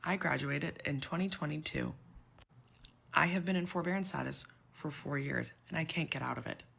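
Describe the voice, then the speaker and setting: A woman's voice: deep voice, moderate pace, gravelly, a bit bright, husky. A woman in her twenties telling her own story, exasperated and emotional, close to tears. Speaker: public sector worker telling her story. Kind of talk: personal story video.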